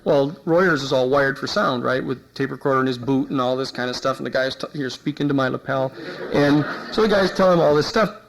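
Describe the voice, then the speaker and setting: A man giving a university lecture, telling an anecdote in an animated way and acting out the people he quotes. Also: mid-range voice, brisk, gravelly, few pauses, poor audio. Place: lecture hall.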